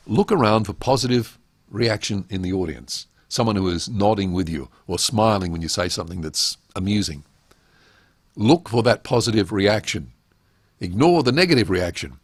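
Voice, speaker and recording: Animated older Australian man coaching. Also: on the low side, breathy edge, no echo, studio quality. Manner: animated, emphatic, asks rhetorical questions. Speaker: webinar host and public speaking coach. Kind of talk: instructional talk.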